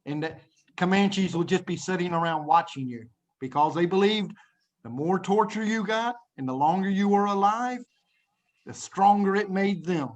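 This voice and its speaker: A middle-aged man teaches English to children over a video call, telling stories in an animated, dramatic way and chuckling often. His voice sits high, he speaks at normal speed, and the highs are cut off.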